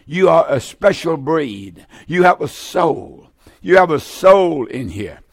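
A gravelly male radio preacher with a slightly raised pitch delivers an emphatic sermon, hammering home repeated phrases. The sound is dry and close, with no room around the voice. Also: big pitch swings, slow, dry recording. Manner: repetitive, emphatic preaching with frequent restarts. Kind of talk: broadcast sermon with call-in number.

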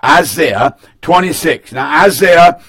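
Male pastor on air, slightly high voice, folksy, emphatic, says things twice. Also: expressive, takes it slowly, fairly bright tone. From North Carolina, US. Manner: folksy, emphatic, repeats phrases. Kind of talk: broadcast sermon with call-in announcements.

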